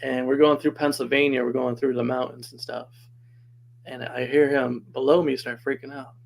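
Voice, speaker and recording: Chatty guy with a gravelly creaky voice, laughs a lot telling his story. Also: medium pitch, level tone, normal speed, low-quality recording. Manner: chatty, laughs often while telling stories. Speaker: podcast guest. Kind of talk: casual storytelling.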